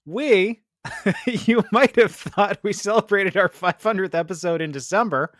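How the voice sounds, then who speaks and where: A man's voice: high-pitched, a little slow, fairly bright tone, no room sound. A male radio co-host doing comedic banter in a studio, playful and laughing at his own slips.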